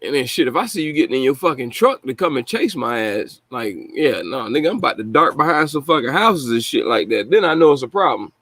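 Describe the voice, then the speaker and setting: A man's voice: medium pitch, very animated, brisk, hardly any pauses, fairly bright tone, dry recording. Heated, swearing man reacting, dry sound. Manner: indignant, heated, swears freely. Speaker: host reacting to news clips. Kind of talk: casual profane commentary.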